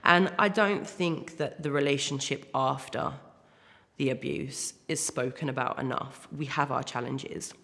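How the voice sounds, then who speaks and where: Earnest woman with a gravelly voice. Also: very deep voice, steady tone, a little slow, a bit bright, big-room sound. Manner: earnest and heartfelt, with frequent hesitant fillers. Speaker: interview guest. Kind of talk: personal testimony in an interview.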